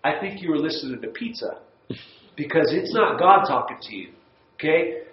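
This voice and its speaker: A man's voice: a little high, lively intonation, moderate pace. A man teaching a church Bible study lesson, folksy and emphatic, repeating words for stress. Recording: echoey room, dull lo-fi sound.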